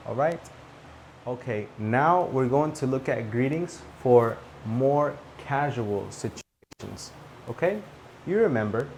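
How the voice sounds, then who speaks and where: Slow, clear male English teacher. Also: mid-range voice, lively intonation, a little mellow, a little hiss or hum. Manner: slow, clear teaching delivery with repeated example phrases and frequent "okay?" checks. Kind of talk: spoken English lesson for learners.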